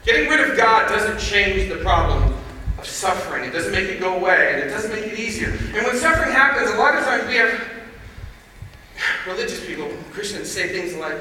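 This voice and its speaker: A man giving a chapel sermon, telling stories conversationally and building to loud emphasis, recorded from far off in a large hall. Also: high voice, big pitch swings, moderate pace, a little hiss or hum. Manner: conversational storytelling, rising to shouts. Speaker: chapel speaker.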